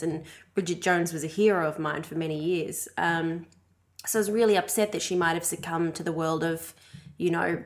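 A woman co-hosting a podcast, chatting expressively in a house and laughing often. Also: lowish voice. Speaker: podcast co-host. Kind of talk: casual chat.

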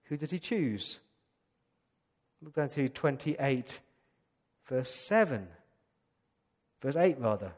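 A male pastor giving a lively storytelling sermon, acting out the scenes as he goes. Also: medium pitch, takes it slowly, long pauses. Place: church. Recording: long church-hall reverb.

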